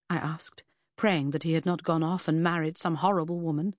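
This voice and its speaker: A woman reading a first-person audiobook in an expressive, lively storytelling manner, voicing the characters. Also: sits low, brisk, no room sound, studio quality. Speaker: audiobook narrator.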